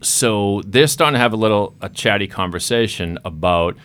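A man hosting a podcast, telling a story in a casual, animated way and acting out the scenes. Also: on the low side, normal speed. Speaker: podcast host.

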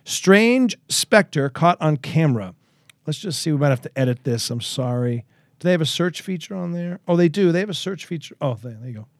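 A man's voice: on the high side, expressive, brisk, dry recording, clean studio sound. Man hosting a joking, casual podcast. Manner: joking, reads listener posts aloud. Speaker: podcast host.

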